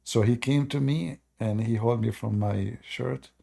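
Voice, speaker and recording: A man's voice: mid-range voice, measured pace, gravelly, warm tone. A man with an Arabic accent, a native Arabic speaker, hosting a live channel and telling rambling, self-mocking stories, chuckling often. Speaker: host of a live call-in channel. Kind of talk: casual storytelling to a live audience.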